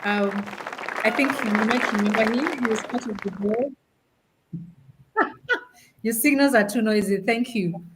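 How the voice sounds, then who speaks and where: A woman's voice: fairly high pitch, measured pace, long pauses, a crowd in the background, background noise. A woman from Africa hosting a live-streamed talk show, chatty, laughing often as she reads out greetings from viewers. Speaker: host.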